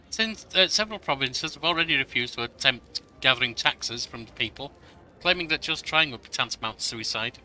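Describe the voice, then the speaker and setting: A man's voice: fairly high pitch, bright, forceful tone, poor audio. Man voicing a breathless alarmed young royal advisor. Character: young woman royal advisor, earnest and urgent. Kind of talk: reading game dialogue aloud.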